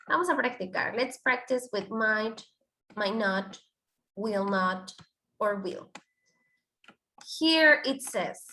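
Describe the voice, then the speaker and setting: A woman teaches an English class, her voice bright and a little high. She explains in loose, restarting sentences and switches into now and then. The room around her is echoey. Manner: explains with many restarts and fillers, switching into Spanish.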